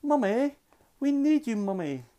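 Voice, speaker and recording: A man reading a storybook aloud, voicing an excitable little girl pig in a raised, bouncy voice. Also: measured pace, exaggerated voice. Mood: eager. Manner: eager, high and bouncy calls.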